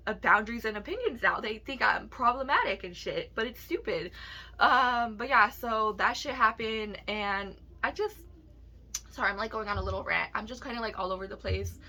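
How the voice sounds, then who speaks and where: A woman's voice: mid-range voice, sharp tone. A young woman in a casual vlog, ranting emotionally to her viewers with heavy swearing.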